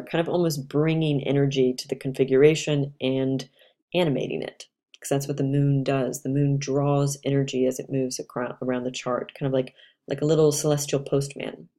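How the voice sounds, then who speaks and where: A woman's voice: extremely low pitch, mellow. A woman astrologer giving a casual, chatty talk, reflective and loose, with fillers and restarts.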